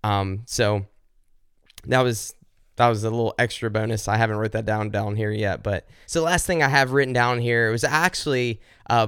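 A man's voice: a bit bright, smooth, dry recording, studio quality. A man hosting a faith podcast, talking earnestly with many restarts and repeated words, then praying aloud. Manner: earnest, repeats words, rises high and fervent when pleading. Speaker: podcast host. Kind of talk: heartfelt devotional podcast talk and prayer.

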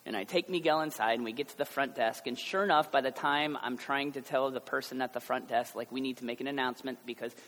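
A man's voice: medium pitch, fairly quick, hardly any pauses, a bit bright. An American man in his thirties preaching a conversational sermon with joking asides, building to emphatic passion. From United States. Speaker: pastor. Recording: long hall reverb.

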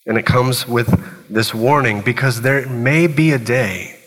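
Preaching in an unhurried way, a male pastor uses a bright, forceful, mid-range voice and hammers his points with brief repeated phrases. The sanctuary's long reverb carries each word out and lets it linger.

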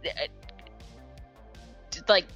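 A woman's voice: very slow, faint music behind. A woman in casual chat, telling things vividly with lots of fillers. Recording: dull lo-fi recording.

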